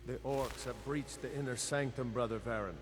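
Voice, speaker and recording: A man voices a worried fantasy-game monk who speaks in an anxious, pleading way. His voice sits at an ordinary middle pitch. Clear background noise runs through the game audio. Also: fairly even intonation, normal speed, natural voice. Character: worried male monk reporting a siege.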